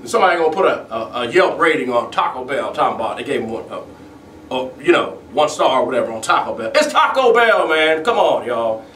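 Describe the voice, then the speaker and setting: A man's voice: mid-range voice, sing-song, brisk, a bit bright, slight background noise. A man hosting a comedic mock weather report outdoors, rambling and griping with frequent laughs. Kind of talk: improvised comedic monologue. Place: outdoors at sunset. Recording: distant outdoor mic with echo.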